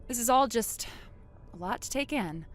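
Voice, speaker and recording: A woman voicing a quiet, coldly calm older sister. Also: normal speed, slight background noise, natural voice. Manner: low, subdued, cold.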